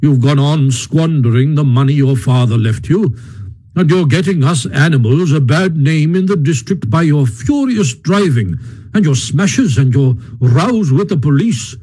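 A man doing Badger, a stern, husky old badger. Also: fairly high pitch, animated, mellow, rough recording. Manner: stern, measured, lecturing. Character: stern old male badger, severe elder. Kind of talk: audiobook character reading.

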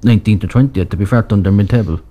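Mellow, low-voiced man in a casual football chat. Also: racing. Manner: hesitant, many restarts.

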